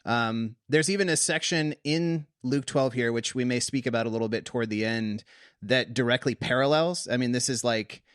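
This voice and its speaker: A man co-hosting a podcast, chatting casually about scripture in an ordinary mid-range voice. He gets animated and laughs easily. The sound is close and dry, with no room echo. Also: mid-range voice, moderate pace, clear, resonant tone. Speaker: podcast co-host. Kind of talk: casual Bible discussion.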